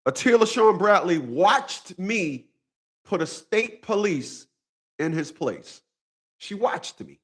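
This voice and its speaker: A man's voice: high voice, animated, slow, fairly bright tone. A man talking straight to his viewers in a casual monologue, profane and repetitive, with a preachy storytelling manner. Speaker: vlogger.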